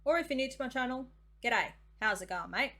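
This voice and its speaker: A woman's voice: high voice, expressive, a little fast, bright, forceful tone. Cheerful Australian woman hosting. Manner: cheerful, chatty. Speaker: reaction video host. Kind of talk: casual vlog intro.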